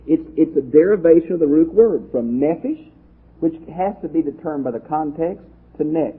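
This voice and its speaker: A man from Texas, a pastor teacher giving a lively, conversational Bible study lecture and asking his class questions. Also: on the high side, normal speed, husky. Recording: tinny lo-fi phone-like audio.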